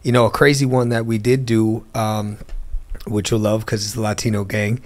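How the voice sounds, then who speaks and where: A man's voice: on the low side, flat delivery, moderate pace. A man, a guest in a casual interview, telling a long story and acting out the phone calls in it. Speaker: interview guest, car dealer.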